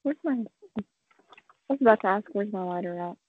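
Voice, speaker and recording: A woman's voice: mid-range voice, a little fast, no room sound. A woman chatting casually on a video call with short, laid-back replies, heard through dull lo-fi call audio. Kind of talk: casual chat.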